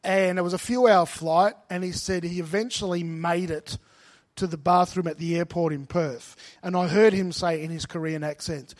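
A middle-aged man preaching a sermon, telling stories and rising to loud, emphatic peaks. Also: high voice, normal speed. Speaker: pastor.

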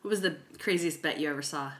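A woman hosting a podcast in casual interview chat, curious and quick to react. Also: sits low, a bit bright. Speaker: podcast host.

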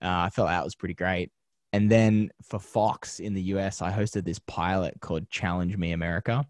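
A man, a TV host and media founder, telling energetic stories in a casual interview, laughing often and using slang. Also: deep voice, dry recording, studio quality.

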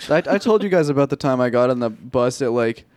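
A man's voice: medium pitch, expressive, brisk, a little mellow, no room sound. Male co-host, chatty anecdotes with giggles, dry close-miked sound. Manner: storytelling, laughing while talking. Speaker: podcast co-host. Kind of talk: casual chat.

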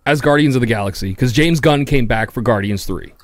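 A man's voice: a little fast, dry recording. Male podcast host, casual chat, profane jokes, dry close sound. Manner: profane, joking, laughs loudly and jumps high in pitch.

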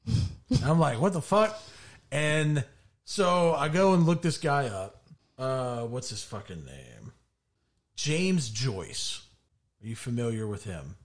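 A man's voice: medium pitch, slow, pauses often. A man co-hosting a podcast, telling stories in casual chat and swearing often. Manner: profane, animated storytelling. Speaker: podcast co-host.

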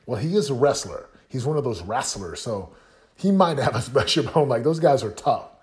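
Man, podcast host, motivational monologue, punchy repeated phrases, rhetorical questions, mid-pitched voice. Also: animated, normal speed. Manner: punchy, repetitive coaching delivery with rhetorical questions.

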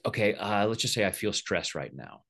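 A man's voice: on the low side, big pitch swings, moderate pace, creaky, fairly bright tone. A middle-aged man explaining and demonstrating tapping with a playful manner, often acting out the voices of the people he quotes. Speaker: EFT tapping practitioner, guest.

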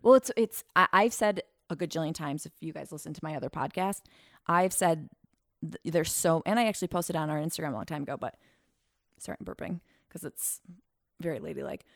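A woman's voice: sits low, quick pace, no echo, clean studio sound. A young woman hosting a podcast, talking in a rambling, self-deprecating way in casual chat. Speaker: podcast host.

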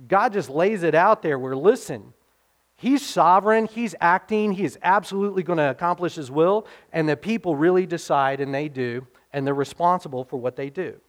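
Delivering a sermon, a middle-aged pastor speaks earnestly and conversationally in a mid-range voice, frequently checking in with the people listening.

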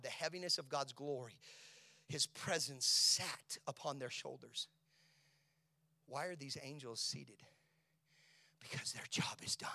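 A male pastor with a high, bright voice preaching a sermon. He drops to hushed whispers, then climbs into loud, ringing exclamations. The sound is close and dry. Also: dry recording. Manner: dramatic preaching, swings from soft whispers to loud high shouts.

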